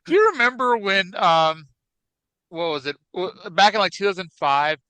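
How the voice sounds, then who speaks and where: A man's voice: high voice, expressive, moderate pace, pushed and bright, clear, resonant tone, no echo, low-quality recording. A man co-hosting a podcast, chatting casually with wry, profane humor. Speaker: podcast co-host. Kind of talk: casual chat about wrestling.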